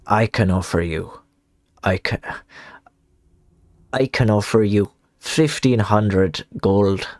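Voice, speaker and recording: A man voicing a haggling male merchant with an attempted Irish accent and a slow, drawn-out sales pitch. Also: no room sound, clean studio sound.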